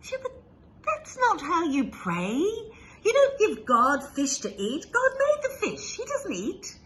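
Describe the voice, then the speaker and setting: A woman playing a learned male scholar who speaks in a brisk, lecturing, self-assured way. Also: extremely high pitch, very animated, fairly bright tone, exaggerated voice. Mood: scornful. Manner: lecturing, brisk, sure of himself.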